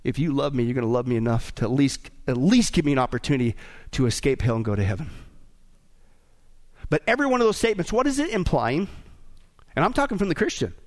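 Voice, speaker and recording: A man's voice: mid-range voice, sing-song, fast talker, long pauses. A man preaching a sermon in a joking, exclamatory manner. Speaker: pastor.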